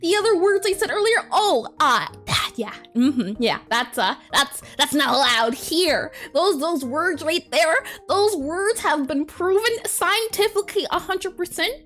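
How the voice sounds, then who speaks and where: A woman's voice: very high-pitched, lively intonation, unhurried, few pauses, fairly bright tone, faint music behind. A woman streamer chatting casually on a livestream, bubbly and giggly, doubling up her greetings.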